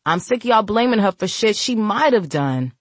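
A woman's voice: medium pitch, very animated, moderate pace, no echo, pitched above the performer's own voice. A woman voicing a street-hardened young man who is blunt, protective and curses in heavy slang. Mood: angry.

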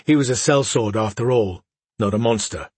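A man narrating a fantasy story as an audiobook, measured and dramatic, often dropping to a hush. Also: fairly low pitch, slightly rough, no room sound.

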